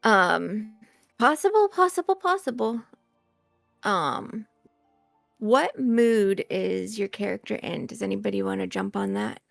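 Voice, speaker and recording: A woman running a tabletop game on stream as game master, chatty and quick to laugh. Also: mid-range voice, steady tone, vocal fry, no echo, soft background music.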